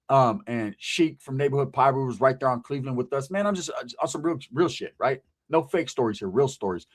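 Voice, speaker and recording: A man's voice: fairly high pitch, fairly bright tone. A man speaking, hosting his channel in a blunt, emphatic monologue full of street slang and swearing. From Southern California. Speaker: channel host. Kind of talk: casual monologue to camera.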